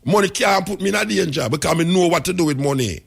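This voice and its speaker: A man's voice: sits high, expressive, quick pace, vocal fry, husky. Jamaican man in a radio monologue. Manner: storytelling in Jamaican patois, emphatic. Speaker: radio host.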